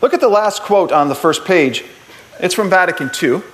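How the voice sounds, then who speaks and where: Animated man giving a faith talk. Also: high voice, moderate pace, a little hiss or hum. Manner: animated storyteller, jokey asides, builds to earnest points. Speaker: Catholic speaker giving a talk on the Eucharist. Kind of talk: humorous teaching talk to a group.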